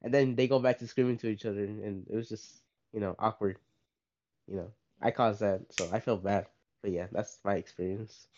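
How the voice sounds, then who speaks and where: A man's voice: on the low side, fairly even intonation, normal speed, darkish tone, slight background noise. A young man, a podcast co-host, casually telling a rambling story, tagging "right?" and "like" onto his sentences. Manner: rambling, says "right?" and "like" a lot. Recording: slightly dull lo-fi sound.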